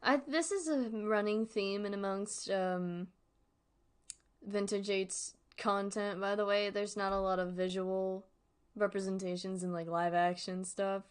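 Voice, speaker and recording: A woman's voice: medium pitch, fairly even intonation, measured pace, clear, resonant tone. Giggly woman streamer, casual. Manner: giggly, joking, rambling. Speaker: streamer reacting to a horror series. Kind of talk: casual livestream commentary.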